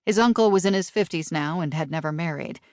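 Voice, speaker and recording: A woman with a fairly low voice reads a novel aloud in a steady, measured audiobook style. The recording is close and completely dry, with no room sound around her. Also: no echo. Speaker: audiobook narrator. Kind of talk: scripted audiobook narration.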